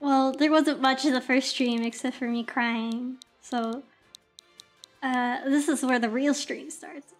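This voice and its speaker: Young woman streamer, really high voice, rambly and excitable, faint music behind. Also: slow. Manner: rambling and excitable, many filler words. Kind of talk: casual livestream chat.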